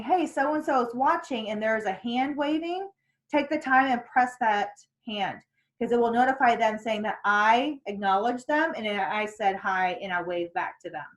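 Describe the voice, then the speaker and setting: A woman's voice: mid-range voice, highs cut off. A woman leading a casual sales training on a group call, chatty, with lots of fillers and restarts. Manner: chatty, many fillers and restarts, acts out quotes.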